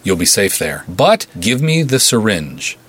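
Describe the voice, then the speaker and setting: A cool-headed action hero, voiced by the narrator himself, steady and reassuring even under fire. His low, slightly husky voice stays firm and unhurried, like a lead in a pulp radio serial. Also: exaggerated voice. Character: calm, unflinching male action hero.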